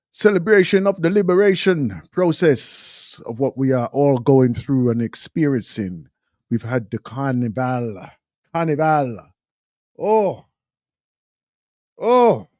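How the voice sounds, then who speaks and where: A man's voice: mid-range voice, mellow, no echo, clean studio sound. A man hosting a live talk radio show, delivering an impassioned monologue and repeating phrases for emphasis.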